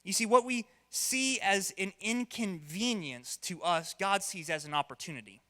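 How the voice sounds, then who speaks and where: A man's voice: sits high, moderate pace, pushed and bright, big-room sound. A man preaching a sermon as pastor, conversational and playful, now and then acting out voices. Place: church hall.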